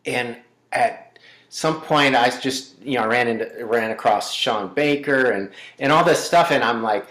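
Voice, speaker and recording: A man talking as a guest in casual interview chat, halting and rambling with many fillers. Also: medium pitch, a bit bright, reverberant. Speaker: musician guest.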